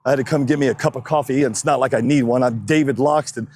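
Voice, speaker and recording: Steady in tone and quick, the man's voice sits at medium pitch. He's the announcer at an outdoor drag racing track, giving casual live-stream commentary through a body-worn wireless mic, slightly breathless, joking, chatting and calling out loudly to the crowd.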